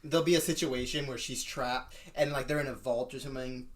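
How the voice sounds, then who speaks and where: A man's voice: mid-range voice, steady tone, fairly quick. A man co-hosting a podcast, musing aloud in casual chat and giggling. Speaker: podcast co-host.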